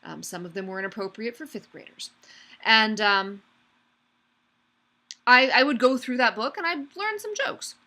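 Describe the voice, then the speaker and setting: A woman's voice: fairly high pitch, animated, unhurried, pauses often, bright, forceful tone. Upbeat woman teaching an online class. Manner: upbeat, chatty, addresses students by name. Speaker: online course instructor. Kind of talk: live online class lecture.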